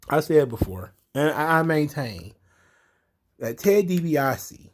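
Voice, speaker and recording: A man with a slightly higher-than-usual voice recaps a wrestling show in loose, casual commentary. He is excitable and chuckles often, swearing freely as he rambles through the highlights. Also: slow.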